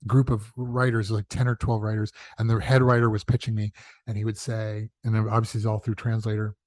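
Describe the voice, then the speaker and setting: A man being interviewed as a television showrunner, telling chatty, animated stories and acting out the dialogue he quotes. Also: brisk, no echo. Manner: animated, acts out quoted dialogue with big pitch jumps; chatty, self-correcting, laughs at own asides. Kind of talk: casual interview storytelling.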